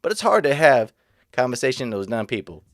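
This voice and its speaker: A man's voice: medium pitch, sing-song, a little fast, dry recording, studio quality. Rambling man with a slight slur. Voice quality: slightly slurred speech. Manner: rambling, repetitive, restarts often; earnest, motivational. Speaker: vlogger. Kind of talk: casual reaction vlog.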